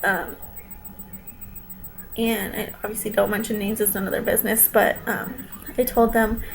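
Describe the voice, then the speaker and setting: A woman's voice: medium pitch, flat delivery, normal speed, vocal fry, a little hiss or hum, low-quality recording. Upset young woman ranting on camera. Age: young adult. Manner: upset, defensive, talking straight to viewers. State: near tears at times. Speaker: vlogger. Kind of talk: emotional vlog rant.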